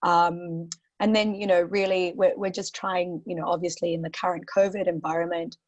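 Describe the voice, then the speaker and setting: An Australian woman with a croaky voice, answering interview questions as a guest on a webinar, talking steadily with lots of "you know" and "um" fillers. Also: lowish voice, flat delivery, moderate pace, muffled recording. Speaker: portfolio manager guest.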